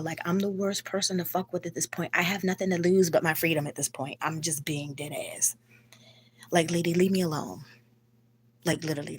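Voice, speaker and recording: A woman's voice: sits low, a little hiss or hum. A woman hosting a late-night live stream from home on her phone, talking bluntly and with lots of swearing, rambling while sick with the flu. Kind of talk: casual live stream venting.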